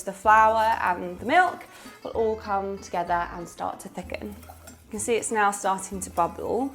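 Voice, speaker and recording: A young woman hosting a casual cooking tutorial from her small home kitchen, chatty and upbeat as she explains each step. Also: mid-range voice. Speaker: cooking channel host.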